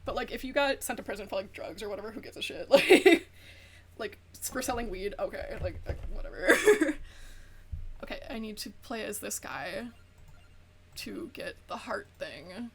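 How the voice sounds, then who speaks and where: Slight background noise accompanies a young adult woman VTuber chatting while she plays a game. Her medium-pitched, creaky voice has lively intonation at a moderate pace, and she swears freely and says "like" a lot in her animated chatter.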